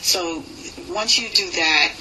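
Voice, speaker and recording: A woman's voice: on the low side, takes it slowly, noisy background. A woman with a New York accent, speaking as a guest in a casual radio interview and laughing easily.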